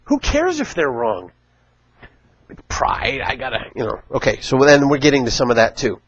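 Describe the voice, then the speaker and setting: Man, middle-aged, casual sermon, animated storytelling, dull dry recording. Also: medium pitch, moderate pace, breathy edge, dry recording. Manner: chatty, animated storytelling with acted quotes. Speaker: church teacher.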